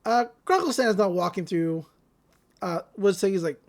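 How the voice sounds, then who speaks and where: A woman's voice: medium pitch, expressive, moderate pace. Woman podcast host, casual chatty recap, middling voice, lots of fillers.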